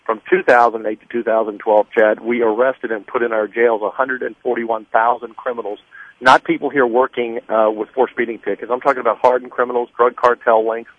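A man in his sixties phones in as a candidate, slightly out of breath, pushing numbers and points at a steady, insistent clip. The line is narrow and tinny like a mobile phone, with no room sound around it. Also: mid-range voice, dry recording. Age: 60s. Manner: brisk, number-heavy, insistent. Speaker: political candidate, phone-in guest. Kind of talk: campaign talk on a radio call-in. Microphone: mobile phone while walking.

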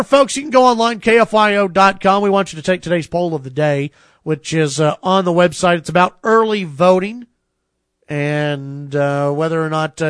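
High-voiced radio talk show host. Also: male voice, a bit bright, no echo, clean studio sound. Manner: easygoing, chatty, many filler pauses.

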